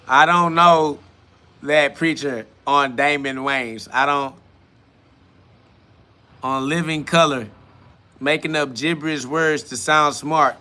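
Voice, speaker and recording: A fairly high, pushed and bright voice belongs to a podcast host reading live comments on his stream. His self-talk rant is full of laughter, mockery, profanity and preaching.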